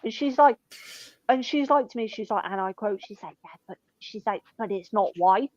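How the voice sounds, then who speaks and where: A woman's voice: fairly high pitch, moderate pace, darkish tone, no room sound, dull audio. A woman telling blunt, sweary stories about her shop customers in casual chat.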